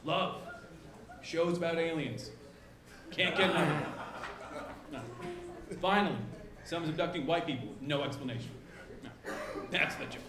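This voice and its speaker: A man telling a stand-up joke live, halting and repeating his setup lines. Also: fairly high pitch, background noise. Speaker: stand-up comedian. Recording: echoey room with live crowd.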